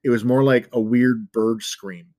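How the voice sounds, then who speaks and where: A storyteller guest, male, rambles through a spooky story in casual talk, packing it with fillers like "like" and occasionally joking at his own expense. His medium-pitched voice is a little mellow, fairly even in intonation, and measured in pace, with no room sound.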